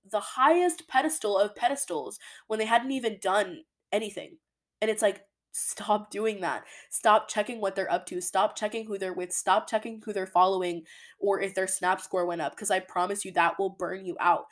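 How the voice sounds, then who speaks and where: A young woman in her twenties hosting a podcast, giving casual, earnest life advice with lots of "like" fillers. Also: mid-range voice. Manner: earnest, emphatic, many "like" fillers. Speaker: podcast host.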